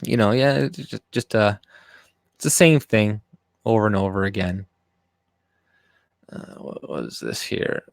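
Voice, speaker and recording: A man's voice: on the low side, a little slow, vocal fry, long pauses, no room sound. A man hosting a casual livestream, rambling and swearing as he reacts to clips and chat. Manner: rambling, profane, with frequent restarts. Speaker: livestream host.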